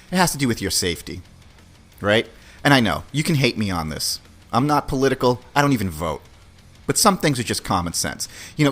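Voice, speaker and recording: A podcast host with a voice on the low side and a bit of brightness delivers a casual, opinionated rant packed with slang and profanity. Now and then he performs small dialogues in fast, put-on voices.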